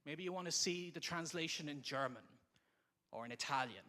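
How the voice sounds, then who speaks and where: A man speaks into a microphone at a conference, walking an audience through his ideas in a relaxed, conversational way. His voice sits a little high and has a bright, forceful edge. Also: moderate pace. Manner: conversational, explanatory. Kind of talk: live presentation. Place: conference room before an audience.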